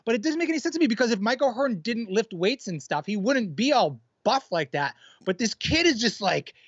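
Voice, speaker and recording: A high-pitched man co-hosting a live stream, telling stories in a loose, laid-back way with some swearing and laughter. His voice sounds a little dull and lo-fi, and it is dry and close, with no room sound. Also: big pitch swings, fairly quick, a bit bright, no room sound. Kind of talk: casual storytelling chat.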